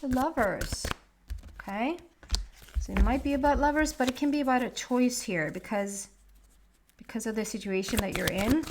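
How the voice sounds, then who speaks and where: Emotional woman reading tarot, slightly high. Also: noisy background. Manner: emotional, rambling, laughs often. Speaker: tarot reader. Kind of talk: casual tarot reading monologue.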